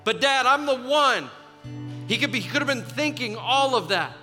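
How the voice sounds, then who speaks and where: A young man preaching to students as a youth pastor, telling the story in a casual, animated way with many fillers. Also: high voice. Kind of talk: sermon. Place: church auditorium. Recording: large hall with long reverb, faint music.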